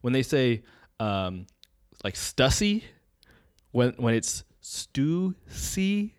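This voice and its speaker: A man's voice: mid-range voice, slow, darkish tone, clean tone, dry recording, studio quality. A young man co-hosting a casual podcast chat, rambling loosely and searching for words. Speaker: podcast co-host.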